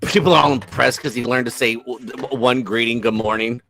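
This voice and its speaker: A man's voice: medium pitch, steady tone, a little fast, vocal fry, bright, forceful tone. A man giving sarcastic, casual commentary on videos, exclaiming and mocking as he goes.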